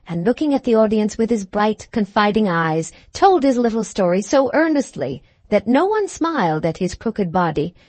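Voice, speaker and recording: Expressive woman narrator for a classic audiobook, animated and fairly high, dry close sound. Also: no echo. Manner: expressive storytelling. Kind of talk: scripted narration.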